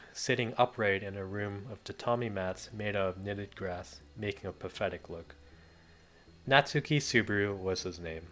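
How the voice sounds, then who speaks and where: A man reading a translated novel aloud as an amateur reader, plainly and a little hesitantly. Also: fairly low pitch.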